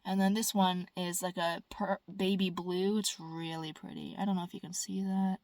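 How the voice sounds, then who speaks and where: A woman's voice: lowish voice, little pitch movement, normal speed, darkish tone, dry recording. A woman talking casually to her camera, rambling and blunt, swearing freely and mimicking whiny voices. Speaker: vlogger.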